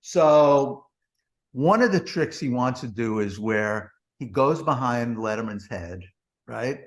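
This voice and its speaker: A man's voice: medium pitch, animated, takes it slowly. A man, a former TV producer guesting on a podcast, telling rambling, profane backstage anecdotes full of "he goes" and "blah, blah.". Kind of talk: anecdotal storytelling.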